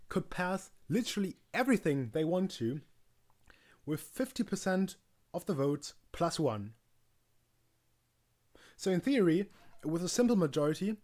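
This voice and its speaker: A man's voice: fairly high pitch, darkish tone. Rambling, joking male streamer. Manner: rambling, joking, frequent ums and self-corrections. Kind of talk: casual livestream monologue.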